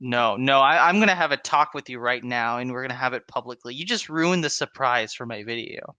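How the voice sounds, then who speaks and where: A man's voice: mid-range voice, fairly quick, sharp tone, no room sound. A young man co-hosting a podcast, bantering casually in a playful, mock-stern way. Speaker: podcast co-host and channel owner.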